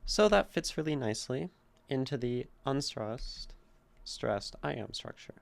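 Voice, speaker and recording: Gravelly guy reading a poem real slow then breaking down the meter, mid-pitch. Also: expressive, fairly bright tone. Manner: explains meter patiently, sounding out syllables. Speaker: streamer critiquing poetry. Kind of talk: reading and teaching poetry.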